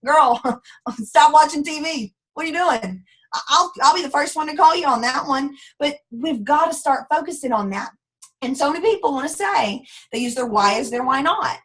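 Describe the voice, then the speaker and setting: A woman's voice: high-pitched, moderate pace, low-quality recording. A woman, giving a folksy, sassy motivational business training talk. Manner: sassy, folksy and animated, acts out quoted voices. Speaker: network marketing team leader.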